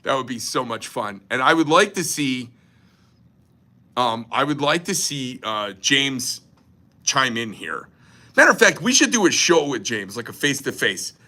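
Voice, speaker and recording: A man's voice: medium pitch, sing-song, normal speed, sharp tone. A man, a knife company owner, talking in a profane, joking, rambling style on a casual livestream. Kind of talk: casual crude livestream rant.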